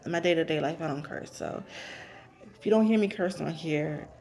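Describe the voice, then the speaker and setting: Woman, casual recap vlogger, somewhat low voice, talkative, repeats her points, no cursing. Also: moderate pace, gravelly, a little mellow. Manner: chatty, repeats herself for emphasis; avoids cursing. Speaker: reality TV recapper.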